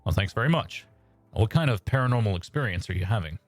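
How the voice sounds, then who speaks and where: Man playing a mellow-voiced radio host, smooth and measured, low-pitched. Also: lively intonation, no echo. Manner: smooth public-radio narrator delivery. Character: calm late-night radio host, exasperated man.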